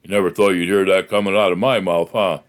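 A man voicing his old boss, a deep-voiced, rough and tough Southern churchgoing man with a dry, deadpan delivery. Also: fast talker, close to an everyday voice. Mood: amused.

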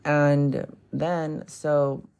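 Casual podcast host, man in his 20s, dark and husky-edged tone, rambling confessional storytelling with lots of "like" and "um". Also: a little high, little pitch movement, drawn-out words. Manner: frank, profane, rambling with many fillers.

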